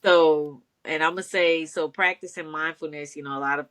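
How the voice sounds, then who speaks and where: Low-voiced encouraging woman co-host. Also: fairly even intonation, moderate pace, a bit bright. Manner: easygoing, encouraging, laughs often. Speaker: podcast co-host. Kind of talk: casual chat.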